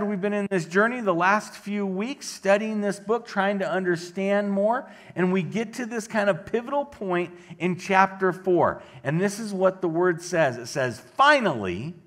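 A middle-aged male pastor delivering a casual, conversational sermon after a quiet opening prayer. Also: high voice.

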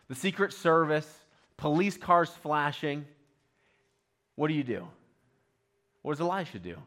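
Animated man preaching a sermon. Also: a little high. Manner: conversational, animated storytelling preaching. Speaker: pastor.

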